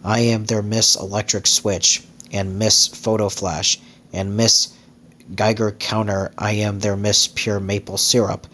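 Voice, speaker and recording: A man voicing a glamorous young actress, slow, rapturous and incantatory. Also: lowish voice, little pitch movement, fairly bright tone, slight background noise. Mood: dreamy.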